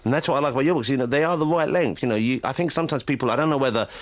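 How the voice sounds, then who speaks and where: A man's voice: mid-range voice, racing, no room sound. A man hosting a radio interview, chatty and teasing, joking with his guest in a studio. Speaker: radio host.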